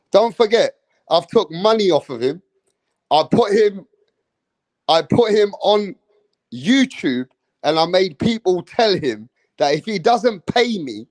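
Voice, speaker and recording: A man's voice: high voice, a little mellow, no room sound. A man ranting in a boastful, profane and heated way as a boxing YouTuber. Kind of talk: ranting commentary.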